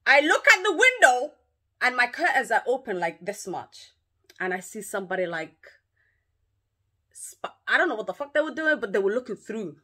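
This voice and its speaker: A woman with a northern English accent tells a story to the camera in her living room. Her voice is bright and forward, and her delivery is animated and full of swearing. It sounds like a casual storytime vlog. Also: medium pitch, normal speed. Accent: British, northern English. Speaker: vlogger.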